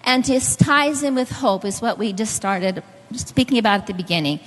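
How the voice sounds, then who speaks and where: A woman's voice: a little high, lively intonation, moderate pace, long reverb tail. A middle-aged woman preaching a sermon, telling stories and speaking directly to the congregation. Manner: storytelling, directly addressing the audience.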